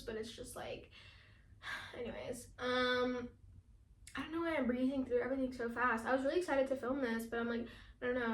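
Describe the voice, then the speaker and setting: A teenage girl vlogging in a casual, chatty way, talking fast with lots of fillers and laughing often. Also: on the high side, roomy sound. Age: teens. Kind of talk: casual chat.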